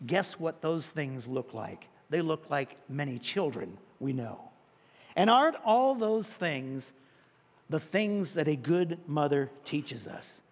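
A man preaching a sermon as pastor, with animated delivery and drawn-out emphasis on key words. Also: high voice. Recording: long reverb in a large hall.

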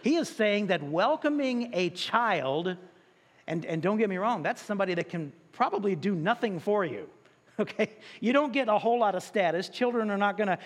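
A man preaching a sermon as pastor, with animated delivery and drawn-out emphasis on key words. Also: high voice. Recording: long reverb in a large hall.

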